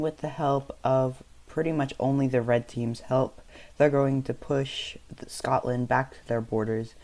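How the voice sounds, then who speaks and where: A young man casually narrating over a map, loose and unscripted, with frequent ums and quick self-corrections. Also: mid-range voice, dark tone. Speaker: map video creator.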